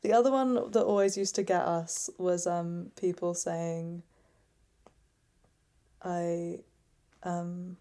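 A woman's voice: fairly low pitch, fairly even intonation, takes it slowly, long pauses, dark tone. Rambling woman co-host, searching for words. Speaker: radio co-host. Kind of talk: casual chat.

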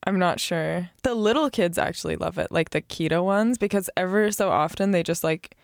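A woman's voice: lowish voice, vocal fry, no room sound. Brief: young female radio co-host, giggly and chatty, close dry mic. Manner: giggly, chatty, quick to laugh. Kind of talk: casual chat.

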